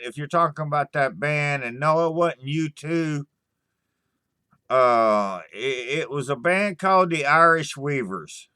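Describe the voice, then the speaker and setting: A man hosting a livestream, chatting casually with viewers in a halting, stammering way, swearing often and sighing between thoughts. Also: on the high side, sharp tone, smooth, dry recording, clean studio sound. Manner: slow, sighing storytelling. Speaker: livestream host answering chat. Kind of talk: casual rambling chat.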